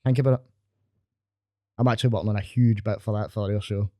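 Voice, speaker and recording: A Scottish man talks at a brisk clip, swearing freely and spinning crude stories in loose podcast banter. His voice sounds dry and close, with little room around it. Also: lowish voice, fairly even intonation, dark tone, no echo. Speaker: stand-up comedian, podcast guest. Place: podcast studio.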